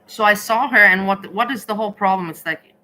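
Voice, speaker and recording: Tired, rambling woman with a bright voice. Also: medium pitch, poor audio. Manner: rambling, halting, many restarts and fillers. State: tired, slow thinking. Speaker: vlogger. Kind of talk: casual rambling vlog chat.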